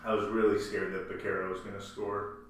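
A man's voice: sits low, flat delivery, fairly quick, fairly bright tone, far from the mic. A man co-hosting a podcast, chatting casually about his soccer team, rambling and correcting himself as he goes. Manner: rambling, self-correcting, laughs often. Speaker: podcast co-host. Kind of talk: casual sports chat. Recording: echoey room, off-mic, faint hum.

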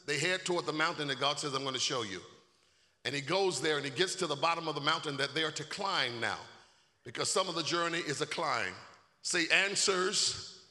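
A male pastor preaching a sermon with call-and-response, swelling into shouts. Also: on the high side, moderate pace. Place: church sanctuary. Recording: echoey hall.

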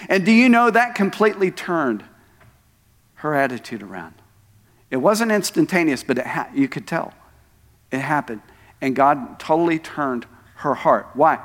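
A man's voice: a little high, fairly bright tone. A male pastor preaching a sermon in a church, talking conversationally with asides to the congregation. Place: church sanctuary. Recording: echoey church hall.

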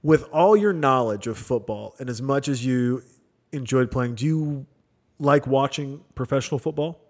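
A middle-aged man hosting a casual chat, telling stories in an animated way and acting out other people's voices. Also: medium pitch, moderate pace. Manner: animated, acts out voices in anecdotes. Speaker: podcast host.

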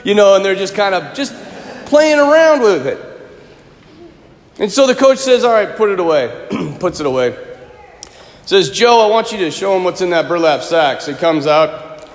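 A man preaching a sermon, telling a story in a lively, conversational way and acting out the quotes. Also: high voice, normal speed, pauses often. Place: church. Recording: echoey church with long reverb.

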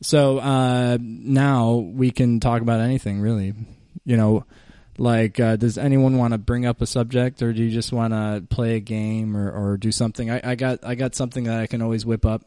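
A man's voice: medium pitch, flat delivery, normal speed, hardly any pauses, dark tone, clean tone, no room sound, studio quality. A man hosting a casual podcast chat, playful and laughing often, with lots of hesitant fillers. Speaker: podcast host. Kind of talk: casual chat with freestyle rapping. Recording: hip hop music behind.

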